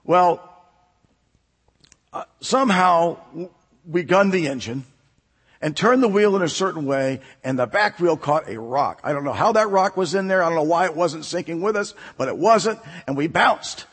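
Man preaching in church, kinda husky voice, big echoey hall, laughs thru his story. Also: on the high side, normal speed. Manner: storytelling, animated, laughs often. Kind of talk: sermon with personal story.

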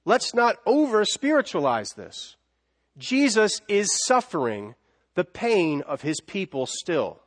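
Male preacher, high voice, dramatic delivery from loud to hushed, long hall echo. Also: wildly swooping pitch, slow pace. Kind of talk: sermon.

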